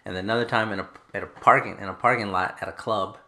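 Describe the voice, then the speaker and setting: Wry bright-voiced man telling a story. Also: fairly low pitch, steady tone, fast. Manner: wry, self-mocking, trailing off with laughs. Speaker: guest author. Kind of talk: casual storytelling.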